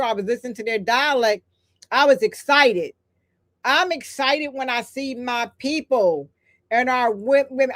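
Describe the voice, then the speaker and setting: Reading comments from her live stream's chat, an older female host talks in a voice on the high side. Her delivery is emphatic and repetitive, much like a preacher, punctuated by chatty asides.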